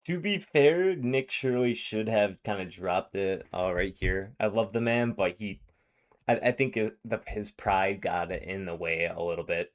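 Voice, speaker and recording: A man's voice: fairly low pitch, measured pace. A man giving casual reaction commentary, rambling with frequent fillers and restarts.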